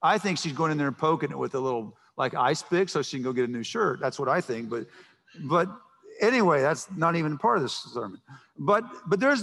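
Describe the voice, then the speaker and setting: In a church sanctuary with the long reverb of a large hall, a male pastor preaches emphatically, often repeating words as he begins a thought. His voice is a little high and a bit bright, brisk, with lively intonation.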